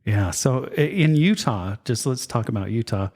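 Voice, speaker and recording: A man's voice: mid-range voice, expressive, normal speed, darkish tone. A man hosting a podcast interview from a co-working space, upbeat and chatty with light jokes. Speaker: podcast host.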